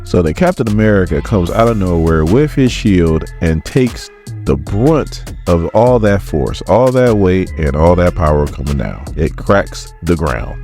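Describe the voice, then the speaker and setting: Man, deep voice, casual comic recap, laughs while retelling scenes, faint music behind. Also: a little slow. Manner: animated retelling with laughs and quoted lines.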